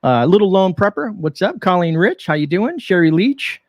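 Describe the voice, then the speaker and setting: Gravelly Canadian-raised man hosting a live stream. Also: high voice, big pitch swings, normal speed, dry recording. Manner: friendly, reads out viewer names. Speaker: host.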